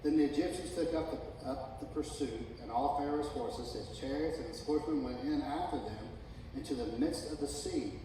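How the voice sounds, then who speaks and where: A man's voice: mid-range voice, moderate pace, slight background noise. Middle-aged guy preaching in a big echoey church, mic kinda far off. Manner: reads scripture, then preaches with rising excitement and humor. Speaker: pastor. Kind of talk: sermon. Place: church sanctuary.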